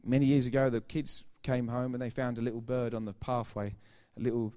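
A man's voice: mid-range voice, level tone, brisk, mellow. A middle-aged man preaching a sermon, emphatic and informal, repeating key phrases for effect and throwing chatty asides to the congregation. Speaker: pastor.

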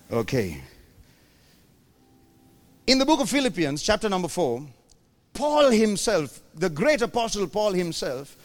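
Man, pastor, sermon in church, high voice, very lively pitch, playful asides. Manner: animated preaching, acts out congregation voices, playful asides.

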